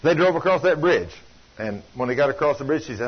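An older man preaches with a drawl, his voice a little husky and pitched somewhat high. He tells folksy stories, swinging from loud, urgent passages down to hushed ones. The recording sounds dull and lo-fi. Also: expressive, fairly quick. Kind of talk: sermon.

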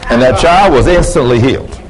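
A man's voice: medium pitch, brisk, crowd noise, poor audio. A male preacher, giving a sermon to his congregation and acting out the dialogue in his stories with rising emphasis. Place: church before a congregation.

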